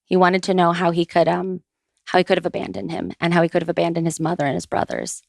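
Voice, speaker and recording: Podcast guest: woman, 30s, lowish gravelly voice, dry close sound, easygoing storyteller. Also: no room sound. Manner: relaxed, many "um" pauses, lively retelling. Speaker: guest, author. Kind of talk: conversational storytelling.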